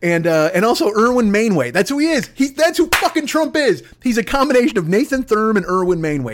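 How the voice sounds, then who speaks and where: Male podcast host, high animated voice, foul-mouthed comic rant. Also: quick pace, few pauses. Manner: profane, animated. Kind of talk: comedic rant.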